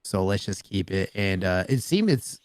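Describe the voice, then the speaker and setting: A man's voice: sits low, moderate pace, dry recording. A man co-hosting a casual podcast, telling stories with lots of swearing and "bro". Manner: animated storyteller, swears freely, says "bro" a lot. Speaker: podcast co-host. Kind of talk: casual chat.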